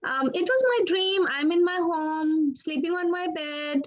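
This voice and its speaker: A woman sharing a personal testimony as an interview guest, earnest and halting, often restarting her words. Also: extremely high pitch, muffled recording. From Pakistan.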